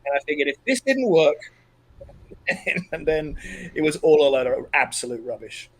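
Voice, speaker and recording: An earnest, middle-aged man tells a deeply personal story as a podcast guest. His voice sits a little high for a man, and he stops and restarts his sentences as the emotion comes through. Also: sing-song, normal speed, poor audio. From Australia.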